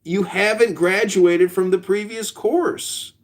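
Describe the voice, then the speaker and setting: A man's voice: high voice, steady tone, slow. A man throwing in sarcastic, teasing remarks during a heated debate. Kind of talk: mocking debate banter.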